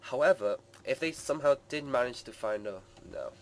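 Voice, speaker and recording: A man hosts a gaming channel, giving live commentary on his gameplay in a rambling style packed with fillers and hedges like "sort of" and "like." His voice sits in the mid range and runs a little fast, with a bit of hiss or hum on the recording.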